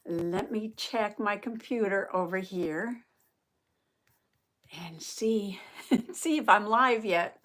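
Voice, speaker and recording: A woman hosting a casual live-stream chat, short of voice and out of breath, chatty and quick to laugh as she greets viewers by name. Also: medium pitch, a bit bright.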